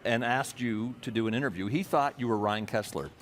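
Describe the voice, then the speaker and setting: A man's voice: medium pitch, fairly quick. A man hosting a TV sports interview, teasing his guest in a dry, mock-pompous way. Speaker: host. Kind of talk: TV sports talk-show interview. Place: arena broadcast set.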